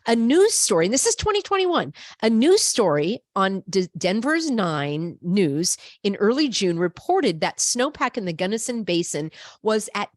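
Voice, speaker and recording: A woman hosts her own broadcast in a casual, chatty way, reacting and laughing as she goes. Her pitch swings widely from line to line. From United States. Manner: chatty, animated, laughs often. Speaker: host.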